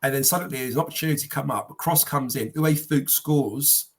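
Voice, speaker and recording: A man telling animated football anecdotes on a podcast panel, slipping into quoted voices. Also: medium pitch, a little fast, a crowd in the background. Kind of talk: casual storytelling.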